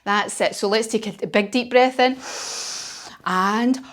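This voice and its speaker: A woman's voice: on the high side, a little slow. A woman telling a story while leading a children's yoga class, playful and encouraging. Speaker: kids yoga teacher.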